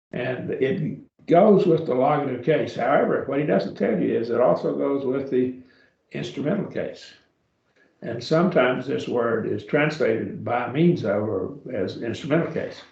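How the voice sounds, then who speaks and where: A man teaching a beginning Greek grammar class, patient and slow, sounding words out syllable by syllable for his students. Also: medium pitch, vocal fry, a little mellow, echoey room, highs cut off. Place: church classroom.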